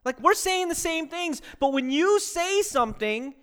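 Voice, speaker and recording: A man preaching a sermon as a pastor, animated, acting out quoted voices and mixing English with another language. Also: very high voice, measured pace.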